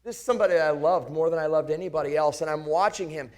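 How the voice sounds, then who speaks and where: A pastor with a fairly high, slightly mellow, natural voice talks rapid-fire as the disciple Thomas, an earnest grown man. His first-person dramatic sermon is passionate yet reflective, and he keeps asking his listeners searching questions.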